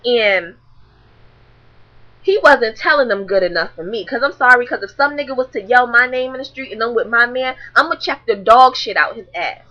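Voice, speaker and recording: A woman's voice: on the high side, moderate pace, sharp tone, dull audio. Blunt, profane young woman telling a story. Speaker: vlogger. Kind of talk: casual storytelling to camera.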